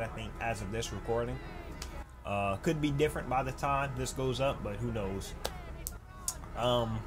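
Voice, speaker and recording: A man's voice: mid-range voice, normal speed, over music. A man casually commentating his own gameplay, loose and chatty with laughs and sudden outbursts. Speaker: gaming YouTuber.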